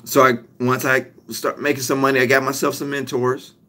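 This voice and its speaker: A man's voice: mid-range voice, level tone, a little fast, bright, forceful tone. A young man giving a motivational talk, emphatic and repetitive, stretching out his key lines. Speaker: motivational speaker.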